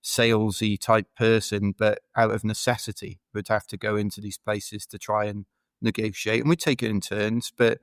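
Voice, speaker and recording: A man's voice: fairly low pitch, level tone, normal speed, no room sound. A man from the United Kingdom, a podcast guest, telling rambling, chatty stories full of fillers in a casual interview. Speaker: podcast guest, ultra runner.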